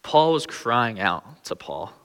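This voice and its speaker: A man's voice: medium pitch, very animated, takes it slowly, fairly bright tone, in a large hall. A young man preaching a sermon with earnest, pleading emphasis on key phrases.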